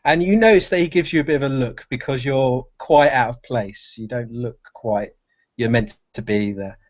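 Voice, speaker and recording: A man playing a tabletop game, describing a character in a halting, animated way with many fillers. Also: medium pitch, lo-fi sound. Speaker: player.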